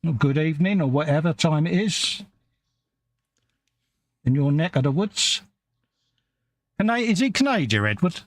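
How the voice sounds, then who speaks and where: Male co-host, gravelly voice, animated pitch, casual banter, reads out chat. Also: normal speed, pauses often, no room sound. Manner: chatty, reads out viewer comments and greets them. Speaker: co-host of a live modelling stream. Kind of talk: casual live-stream chat.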